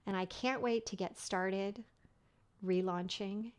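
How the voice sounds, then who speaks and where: Slow, animated woman telling a story. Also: medium pitch. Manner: animated, laughing through a funny story. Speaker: podcast host. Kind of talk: storytelling monologue.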